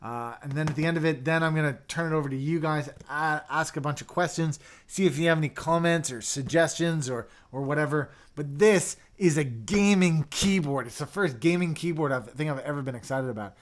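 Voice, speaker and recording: Young guy on a keyboard livestream, kinda high voice, hyped and chatty, mutters asides. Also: brisk, few pauses, slight background noise. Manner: excitable, chatty, drops to mumbled asides. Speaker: livestream host reviewing keyboards. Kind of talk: casual livestream chat reading viewer comments.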